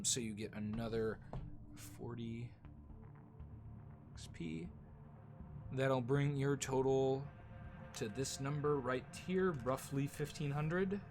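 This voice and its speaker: A man running a tabletop game as dungeon master, talking casually and haltingly with frequent ums. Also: medium pitch, slight background noise. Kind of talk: tabletop game session chat.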